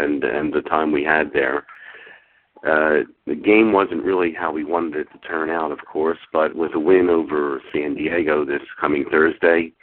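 A man from New Jersey leaving a friendly, thankful voicemail. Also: very deep voice. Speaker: caller. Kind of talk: voicemail to a podcast. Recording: tinny phone line.

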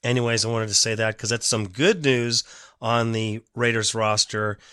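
Man, fan sports podcast host, emotional and blunt, bright tense voice, dry close sound. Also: lowish voice, fairly even intonation, normal speed, clean tone, no echo. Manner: emotional, blunt, rambling opinionated fan talk.

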